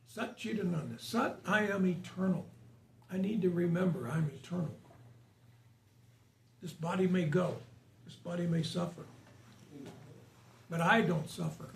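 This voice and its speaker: A man's voice: high voice, a little slow, vocal fry, pauses often. A man giving an informal spiritual talk to a small live audience, chatting and asking them questions. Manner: conversational, asks the audience questions. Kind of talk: informal sermon to a small group. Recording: roomy, distant mic, faint hiss.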